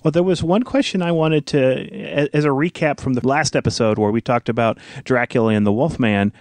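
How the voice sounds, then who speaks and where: A man guesting on a podcast, chatting eagerly with a few halting restarts. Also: medium pitch, darkish tone, dry recording. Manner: eager, a bit halting, fond of the films. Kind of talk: casual chat.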